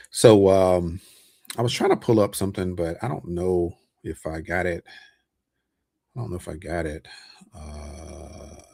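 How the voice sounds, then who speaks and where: A man's voice: low-pitched, vocal fry, slightly rough, dry recording, clean studio sound. A man hosting a casual livestream about investments, loose and chatty with lots of fillers and frequent chuckles. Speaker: online host talking about investments.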